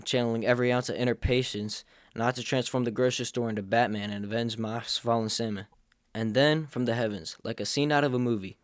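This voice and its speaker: A man's voice: medium pitch, smooth, dry recording, studio quality. A young man hosting a comedic storytime vlog, telling it with sarcastic jokes. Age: young adult. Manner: sarcastic, jokey. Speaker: storyteller host.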